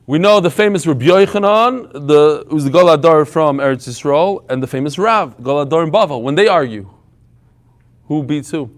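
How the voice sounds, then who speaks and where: A man leading a live Talmud class before a small audience, telling stories in a lively way and mixing in Hebrew and Yiddish terms. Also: a little high, a little fast. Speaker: Talmud teacher.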